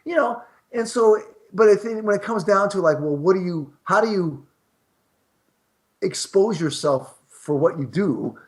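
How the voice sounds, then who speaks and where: Radio host guy rambling on about his own work, laughs a lot, voice a bit high and all over the place. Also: expressive, a little slow. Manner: rambling, self-deprecating, laughs often. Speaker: show host, interviewed as guest. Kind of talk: casual radio interview chat.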